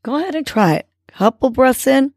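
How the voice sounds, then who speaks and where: A woman hosting a podcast, calmly guiding listeners through breathing exercises and affirmations. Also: high voice, dry recording, clean studio sound. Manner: slow, calm guiding delivery. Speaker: podcast host.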